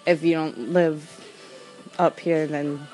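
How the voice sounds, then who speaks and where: A woman's voice: low-pitched, level tone, slow pace, mellow, soft background music, poor audio. A woman hosting a casual chat stream, sarcastic and rambling, laughing often. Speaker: livestream host.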